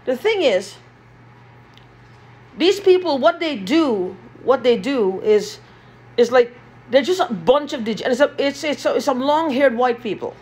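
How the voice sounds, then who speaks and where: Agitated, husky-voiced woman ranting. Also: sits high, expressive, unhurried, darkish tone. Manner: agitated, repetitive, swearing often. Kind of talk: ranting vlog monologue. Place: small basement room with concrete walls.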